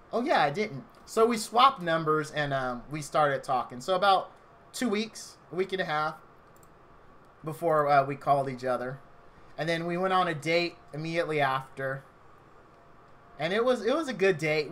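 A man in his thirties spins a chatty, rambling story for his stream viewers. His voice sits a little high and rings bright and forceful. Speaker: game streamer. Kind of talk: casual storytelling on a live stream.

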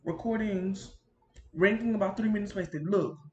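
A woman's voice: mid-range voice, moderate pace, highs cut off, very noisy. Chatty woman on an echoey laptop mic. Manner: rambling, animated, talks to viewers as y'all. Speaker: gaming YouTuber. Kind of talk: casual chatty vlog narration. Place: home room near a busy street. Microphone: built-in computer mic.

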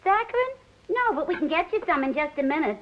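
A woman's voice: high voice, sing-song, quick pace. A woman playing a talkative, vain middle-aged mother who was once a stage singer, from a 1950s film. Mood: chatty. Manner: talkative, self-promoting. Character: chatty former showgirl mother, vain and fussy. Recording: dull old film soundtrack.

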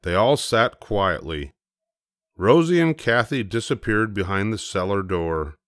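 An older man reading a children's storybook aloud, slow and gentle. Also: on the low side, expressive, no echo, studio quality. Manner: slow, gentle, measured narration. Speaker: storybook reader. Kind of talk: bedtime story read-aloud.

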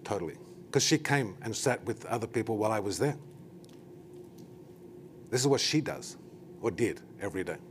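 A man's voice: lowish voice, moderate pace, pauses often. Guy ceo telling a story at a talk, lots of "like" and "right?", faint hum in the background. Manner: animated, anecdotal, frequent "like" and "right?". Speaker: company CEO giving a presentation.

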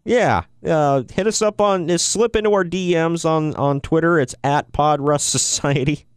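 A man's voice: a little high, a little slow, clean tone, no echo, clean studio sound. A man co-hosting a wrestling podcast, chatting casually and joking around with frequent laughs. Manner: jokey, laughs often, excitable. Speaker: podcast co-host.

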